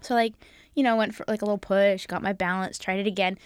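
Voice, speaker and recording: A woman's voice: medium pitch, fairly even intonation, quick pace, clear, resonant tone, no echo, clean studio sound. A woman co-hosting a casual podcast, telling self-mocking stories with frequent laughter. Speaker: podcast co-host. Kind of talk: casual chat.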